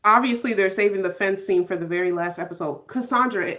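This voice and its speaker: A woman's voice: lowish voice, moderate pace. A woman hosting a casual live stream, reacting to a show and answering viewers by name. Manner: animated, laughing, reading viewer names aloud.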